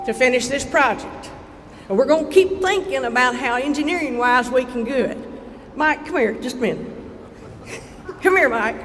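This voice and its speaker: A state legislator with an Eastern Kentucky accent giving a heartfelt, folksy dedication speech to a crowd at an outdoor ceremony. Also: male voice, very high voice, expressive, normal speed, fairly bright tone. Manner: folksy, heartfelt, rising to rallying cries. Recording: reverberant PA with crowd and background noise.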